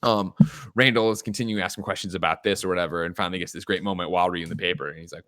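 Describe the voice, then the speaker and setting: A man's voice: low-pitched, steady tone, rapid-fire, pushed and bright, dry recording. A man hosting a casual podcast, animatedly retelling a film's scenes with frequent laughs and swearing. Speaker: podcast host. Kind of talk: casual film review chat.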